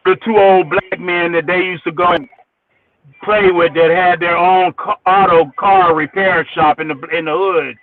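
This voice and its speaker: A man spins a story from his years as a musician, profane and animated, starting his sentences twice before they land. His voice sits high, and it arrives squeezed and tinny, as if over a telephone radio hookup. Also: moderate pace. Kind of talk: casual storytelling. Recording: tinny phone-like radio sound.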